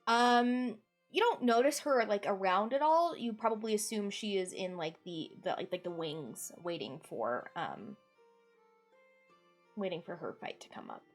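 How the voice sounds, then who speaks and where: Woman game master, mid-pitched, easygoing scene narration, faint music behind. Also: unhurried. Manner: relaxed, meandering scene description.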